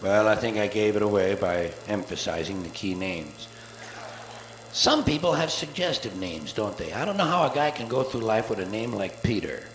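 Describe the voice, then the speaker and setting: A man doing a live stand-up routine, profane and sardonic, with rapid-fire wordplay, on a theater stage before an audience. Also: fairly low pitch, animated. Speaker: stand-up comedian. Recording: echoey live soundboard tape with faint hiss.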